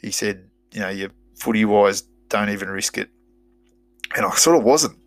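A man's voice: lowish voice, moderate pace, fairly bright tone, dry recording. A middle-aged Australian man, a former rugby player, telling his story in a blunt, sweary, rambling way. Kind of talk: casual storytelling.

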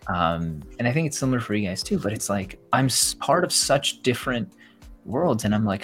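A man's voice: fairly low pitch, expressive, moderate pace, a bit bright, soft background music. A young man co-hosting a podcast, talking casually and reflectively, rambling and acting out what others told him. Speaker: podcast co-host. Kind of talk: casual chat.

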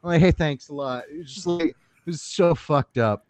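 A man's voice: on the high side, normal speed, dry recording. A young man from Oklahoma telling crude, self-mocking stories on a podcast, laughing through them. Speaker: podcast guest, comedian. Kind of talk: casual storytelling chat.

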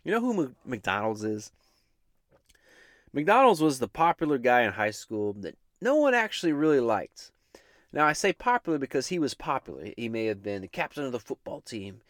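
A man's voice: medium pitch, sing-song, normal speed, fairly bright tone, no echo, clean studio sound. A man hosting a casual chat, rambling and joking with many restarts. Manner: rambling, self-interrupting, jokey. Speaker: host.

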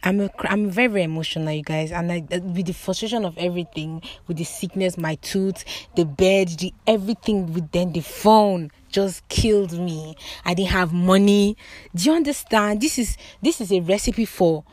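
Woman in her twenties, vlog storyteller, lower voice, dramatic and exclamatory, dry close sound. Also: moderate pace, darkish tone, no echo. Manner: swears casually. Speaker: vlogger. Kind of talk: casual storytime to camera.

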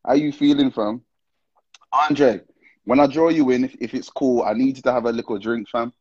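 A man's voice: mid-range voice, steady tone, normal speed, a little mellow, breathy edge, no room sound, muffled recording. Slangy man hosting a live stream. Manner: slangy, greets viewers one after another, laughs often. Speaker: livestream host. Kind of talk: casual live-stream chat.

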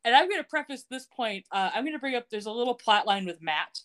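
A woman's voice: on the high side, fast talker. Chatty woman who laughs a lot. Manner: chatty, laughs often, animated retelling. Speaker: podcast co-host. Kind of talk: casual chat recapping a TV show.

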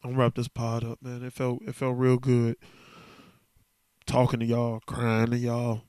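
A man alone at a podcast mic, speaking in a loose, candid, slang-heavy way and sounding worn down. His voice comes across smooth and clean. The sound is close and dry, with no room around it. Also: mid-range voice, completely flat delivery, measured pace, a little mellow, no echo. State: emotional, worn down. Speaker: podcast host. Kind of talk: casual solo podcast monologue.

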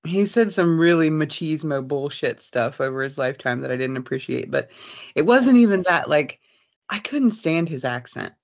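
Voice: mid-range voice, lively intonation, normal speed, gravelly. A podcast co-host chatting casually, blunt and opinionated, with some swearing. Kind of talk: casual chat.

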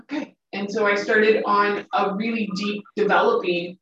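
A woman's voice: mid-range voice, steady tone, moderate pace, fairly bright tone, a little hiss or hum. A woman, a psychic medium guest, telling her story animatedly in a casual interview, with many fillers. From Austin, Texas area. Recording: distant, dull, echoey sound.

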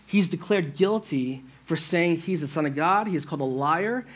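A male pastor delivers a sermon with a fairly high voice. He keeps it conversational, often checking in with his listeners and speaking to them directly. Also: lively intonation, normal speed, fairly bright tone. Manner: conversational, asks the church "right?".

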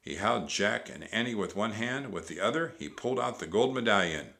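A man reading a children's storybook aloud with animated delivery. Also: lowish voice, a little fast, vocal fry. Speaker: narrator.

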